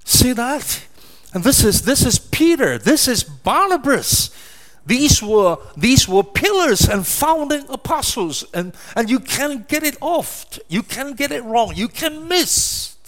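A middle-aged pastor delivers a sermon in a notably high, fairly bright voice, very animated yet slow. He drives home each point emphatically and earnestly, relying on rhetorical questions and repeated words.

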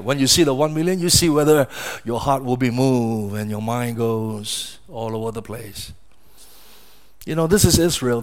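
A man preaching a sermon as pastor. He repeats phrases for emphasis and makes sudden, forceful rises in pitch and volume.

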